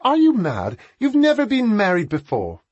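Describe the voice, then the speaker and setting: A man voicing a haughty, exasperated aristocratic woman who scolds her brother in a high, indignant tone. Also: lively intonation, normal speed, husky, dry recording, dull audio.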